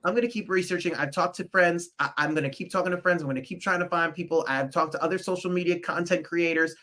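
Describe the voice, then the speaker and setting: A man's voice: high voice, fast talker, sharp tone. A man from New Jersey hosting a casual chat, talking in an effusive, rambling way. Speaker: host.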